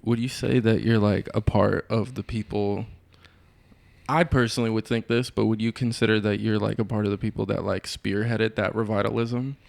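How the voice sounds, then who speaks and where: A man's voice: lowish voice, level tone, moderate pace, gravelly, a little mellow, no echo. A man hosting a podcast, asking casual interview questions, cursing loosely and filling with "like". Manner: casual, swears freely, fills with "like". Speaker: podcast host.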